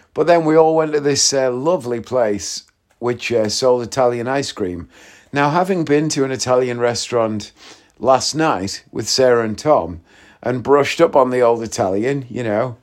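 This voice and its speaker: A man's voice: mid-range voice, darkish tone. A young man hosts a podcast and tells stories in casual chat. His voice sits in the middle of the range. He jokes around and laughs at his own stories. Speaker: podcast host.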